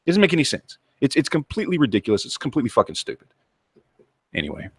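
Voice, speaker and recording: A man's voice: mid-range voice, sing-song, very fast, slightly rough, no echo. A man hosting his own channel, delivering a heated, profane rant to camera and repeating himself as he goes. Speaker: channel host.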